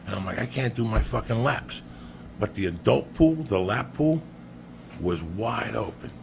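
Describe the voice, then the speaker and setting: A man's voice: on the low side, lively intonation, measured pace, creaky, a little hiss or hum. A man telling a crude, comic story on a podcast, swearing often and calling his listener by name. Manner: profane, emphatic, keeps addressing the listener by name.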